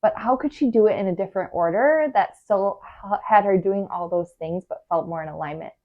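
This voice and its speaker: A woman's voice: mid-range voice, brisk, phone-quality sound. Chatty woman coaching on work stress. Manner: chatty, uses many fillers and quoted inner voices. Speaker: podcast host, organizing coach. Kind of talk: casual advice talk.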